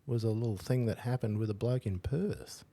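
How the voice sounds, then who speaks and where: A man's voice: fairly low pitch, normal speed, gravelly, mellow, no echo. A male podcast host with an Australian accent, interviewing a guest in a matey, slangy way. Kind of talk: casual interview. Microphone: home setup, wired connection.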